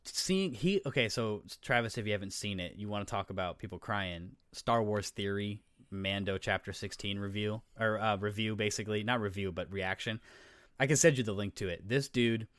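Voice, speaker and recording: Low-voiced excitable man, casual swearing. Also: normal speed, dry recording. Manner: excitable, swears a lot, rambling storyteller. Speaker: podcast co-host. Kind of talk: casual chat.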